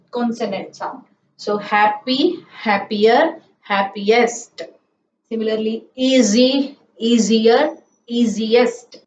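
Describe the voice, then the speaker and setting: Slow woman teaching grammar. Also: fairly high pitch. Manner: spells out letters and drills word forms, asks "isn't it?". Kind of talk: slow classroom-style grammar lesson. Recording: echoey room, distant mic, dull sound, faint hiss.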